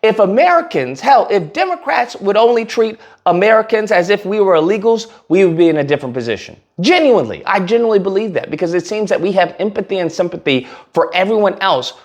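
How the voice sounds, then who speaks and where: Blunt high-voiced male commentator. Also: lively intonation, quick pace, few pauses. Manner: blunt, sarcastic, rambling. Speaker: political commentary host. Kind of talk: casual opinion commentary.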